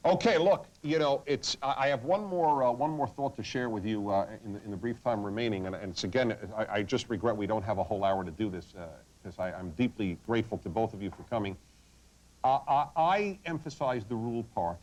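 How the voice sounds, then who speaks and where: A man's voice: on the low side, a little fast, darkish tone, rough recording. A man hosting a talk radio debate, speaking earnestly into a studio microphone and often restarting his sentences. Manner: earnest, frequent stammered restarts. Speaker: radio talk show host.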